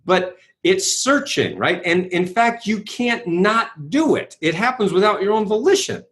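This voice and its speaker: A man being interviewed tells his story with bursts of energy, acting out the voices he quotes. His voice sits high and swings widely in pitch. He keeps checking in with his listener. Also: unhurried. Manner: energetic, acts out quoted voices, repeats "right?". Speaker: guest author and speaker.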